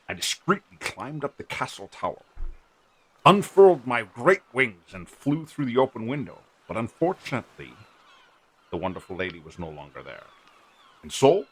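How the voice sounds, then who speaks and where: A man's voice: mid-range voice, a bit bright, slightly rough, heavily acted. A man voicing a large, boisterous male dragonborn telling a tavern tale.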